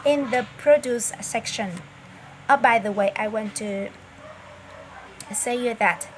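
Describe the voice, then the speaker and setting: Slow-talking woman teaching in a supermarket. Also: a little high. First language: Vietnamese. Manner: slow, careful, many pauses and repeats. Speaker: English teacher. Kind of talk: slow vlog-style English lesson. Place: inside a supermarket. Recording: audible store background noise.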